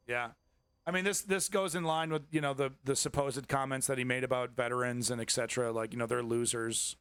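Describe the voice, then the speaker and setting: A man's voice: mid-range voice, steady tone, brisk, a bit bright, clear, resonant tone, dry recording. A man hosting a live-stream news commentary, sarcastic and indignant, swearing freely.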